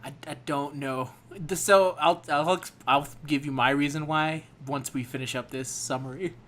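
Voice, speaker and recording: A man's voice: on the high side, steady tone, moderate pace, fairly bright tone. A young man co-hosting a podcast, joking and riffing casually while discussing a movie. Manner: joking, riffing banter with mock impressions. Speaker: podcast co-host.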